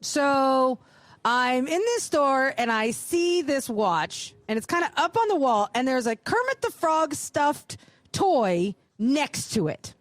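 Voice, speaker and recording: A woman's voice: big pitch swings, takes it slowly, dry recording. A woman co-hosting a live podcast show, telling a long story with lots of swearing and acting out each voice in the dialogue. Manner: profane, acts out dialogue with big pitch jumps. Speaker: podcast co-host. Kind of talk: animated storytelling. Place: live show on a cruise ship.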